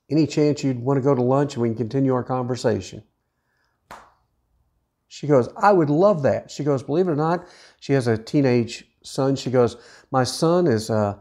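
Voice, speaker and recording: A man's voice: medium pitch, darkish tone. A middle-aged widowed man telling a personal story in an earnest way, often repeating himself and restarting his sentences. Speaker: widowed vlogger.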